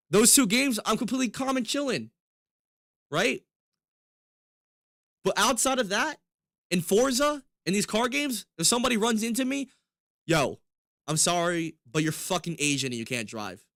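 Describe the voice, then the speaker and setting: Young man, gaming streamer, slightly high voice, dry close mic, loose profane banter. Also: a bit bright, no echo. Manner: loose, profane, fast-shifting banter with laughs. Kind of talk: live stream chat.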